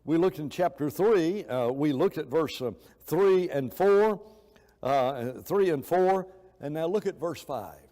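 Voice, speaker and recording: A man's voice: a little high, dark tone, big-room sound. An older man preaching a sermon in a church, emphatic, repeating words for stress, with frequent fillers. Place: church hall.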